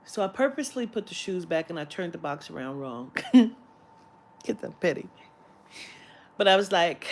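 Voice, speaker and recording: A woman's voice: lowish voice, normal speed, long pauses. A woman vlogger telling a story in a casual, profane rant, now and then mimicking the people she met. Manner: profane, animated, mimics clerks' voices.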